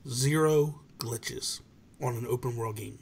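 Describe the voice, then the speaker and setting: A man hosting a podcast, chatting casually and animatedly with slangy asides and phrases that trail off softly. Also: mid-range voice, takes it slowly, creaky, breathy edge. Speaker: podcast host. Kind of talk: casual chat.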